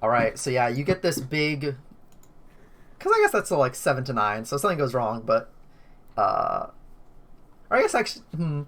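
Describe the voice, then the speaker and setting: A woman's voice: a bass voice, very animated, moderate pace, long pauses. A woman running a tabletop game over an online call, thinking aloud and rambling with lots of fillers. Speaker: game master.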